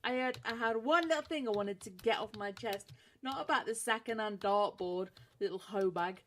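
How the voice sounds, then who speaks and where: A woman's voice: mid-range voice, normal speed, a bit bright. A British woman co-hosting a radio show, teasing her co-host and laughing often. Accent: British English. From England. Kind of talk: playful banter on a podcast radio show.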